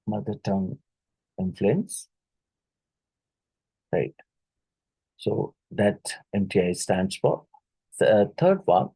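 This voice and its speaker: Man, Indian English accent, slow repetitive lecture, low husky dark voice, dry close sound. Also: dry recording, poor audio. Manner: slow, repeats key words, many fillers. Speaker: teacher. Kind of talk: exam question-and-answer lecture.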